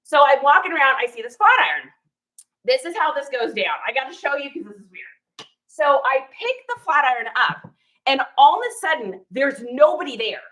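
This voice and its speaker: Her voice is high and her pace moderate as this reseller walks through her garage sale finds, animatedly telling a story, laughing, and playing the people she encountered. It's a casual chat on a rough recording.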